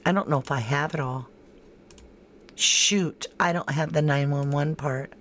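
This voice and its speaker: Woman, livestream host, casual commentary on chat, low voice and slow delivery. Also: fairly bright tone, slight background noise. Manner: talkative, incredulous, thinks aloud and answers chat by name. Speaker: true crime livestream host.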